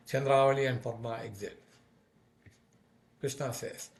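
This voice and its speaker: Man quietly reading stage directions. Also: medium pitch, fairly even intonation, moderate pace. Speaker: reader. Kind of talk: devotional drama reading.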